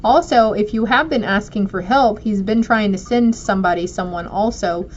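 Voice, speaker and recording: A woman with a mid-range voice speaks at normal speed while doing a relaxed spiritual card reading, fondly addressing the people watching. There's slight background noise, and the lo-fi audio comes across dull.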